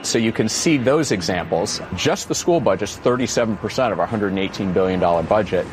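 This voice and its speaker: A man's voice: fairly low pitch, fairly quick, background noise. A man interviewed about the city budget, answering loosely with many fillers and restarts. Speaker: former mayoral candidate, guest. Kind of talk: conversational interview.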